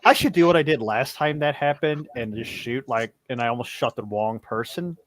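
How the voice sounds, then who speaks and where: A man's voice: mid-range voice, moderate pace, no room sound. A man playing in a streamed tabletop game, talking casually and hesitantly, often stammering. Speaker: player.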